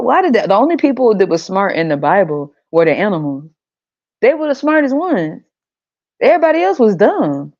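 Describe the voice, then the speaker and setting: A woman's voice: medium pitch, big pitch swings, normal speed, a little mellow, dry recording, highs cut off. A woman hosting a podcast, ranting in a blunt, profane, mocking way and acting out other people's voices. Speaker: podcast host. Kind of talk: casual ranting monologue.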